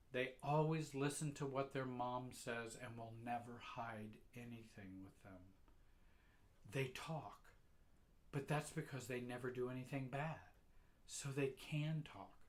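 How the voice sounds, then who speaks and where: Slow, soft-spoken male storyteller. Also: mid-range voice. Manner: slow, quiet, reflective, with halting repeats. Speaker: narrator. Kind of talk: first-person storytelling.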